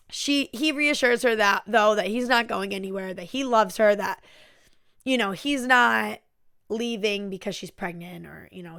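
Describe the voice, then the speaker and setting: A woman's voice: mid-range voice, creaky, a bit bright, no room sound, clean studio sound. A woman hosting a casual recap of a reality TV episode, chatty and full of fillers, giving blunt opinions. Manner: chatty, filler-heavy with um, like and you know. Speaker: TV recap show host.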